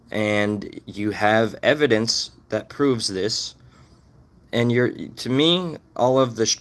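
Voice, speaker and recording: A man ranting on a live stream, swearing often and calling out viewers by name. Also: lowish voice. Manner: profane, confrontational, calls out viewers by name. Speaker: livestreamer.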